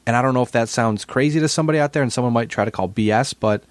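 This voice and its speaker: A man's voice: mid-range voice, very fast, no echo. A man co-hosting a podcast, telling a story in casual chat and often repeating his words. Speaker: podcast co-host.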